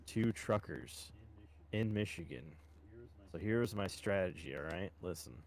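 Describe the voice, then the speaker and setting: Low-pitched male podcast host, relaxed profane storyteller. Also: a little slow. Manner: swears a lot, storytelling, calls listeners boys. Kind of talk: casual chat.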